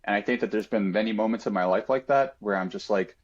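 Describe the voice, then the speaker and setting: A man's voice: lowish voice, fast talker, highs cut off. A man telling a personal story on a podcast in an earnest, reflective way, with frequent fillers and restarts.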